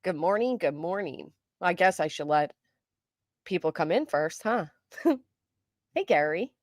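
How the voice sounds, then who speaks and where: A middle-aged woman hosting a live stream, chatting casually with viewers, greeting them by name, and talking fast and loud. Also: on the low side, lively intonation, dry recording, clean studio sound. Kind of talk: casual live chat, reading comments.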